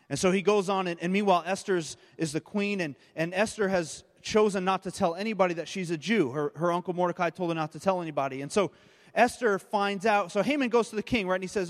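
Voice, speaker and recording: A man's voice: sits high, fast, long reverb tail. A man preaching a sermon, retelling a story and often repeating his words as he goes. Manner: storytelling with frequent word repeats. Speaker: pastor.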